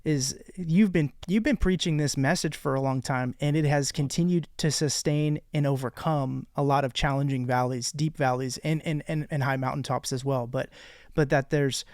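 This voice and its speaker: A man hosting a podcast, speaking casually in halting, rambling sentences full of restarts. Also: mid-range voice, steady tone, darkish tone, no echo, clean studio sound. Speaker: podcast host.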